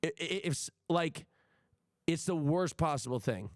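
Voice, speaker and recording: A man's voice: a little high, animated, normal speed, no room sound, studio quality. A man streaming live, ranting to his chat in a profane, emphatic way with frequent stammering restarts. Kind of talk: casual livestream rant to chat.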